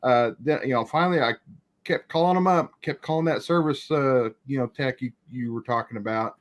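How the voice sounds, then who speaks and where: A man on a casual livestream chat, telling a personal story in a halting way with restarts. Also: mid-range voice.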